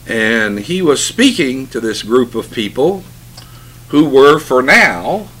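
A man preaching a sermon, reading scripture slowly and solemnly, then explaining it with emphatic swells in his voice. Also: mid-range voice, animated.

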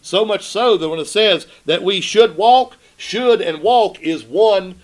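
A man with a voice that sits high preaches an emphatic sermon, posing rhetorical questions to the congregation and slowing down when he reads scripture.

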